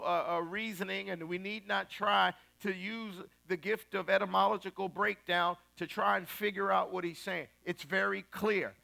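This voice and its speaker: A man preaching a sermon in a colloquial, emphatic style, rising to loud repeated lines. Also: sits high, gravelly. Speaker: pastor.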